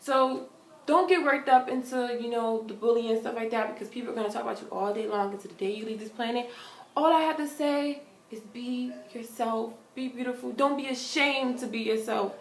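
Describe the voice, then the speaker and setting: A young woman vlogging casual advice to her viewers, earnest and big-sisterly, getting animated when she tells stories. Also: fairly high pitch, fairly quick, a little hiss or hum. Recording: echoey room.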